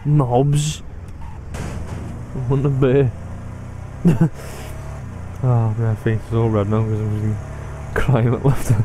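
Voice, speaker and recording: A man's voice: medium pitch, little pitch movement, slow, long pauses, dark tone, a little hiss or hum. A young man giving let's play commentary on a driving game, exclaiming and laughing often. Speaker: gamer.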